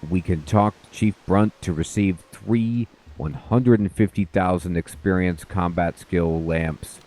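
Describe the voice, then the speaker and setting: A man casually commenting on an online game as he plays and greets viewers in quick excited bursts. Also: low-pitched. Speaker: gaming host. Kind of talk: casual let's play commentary.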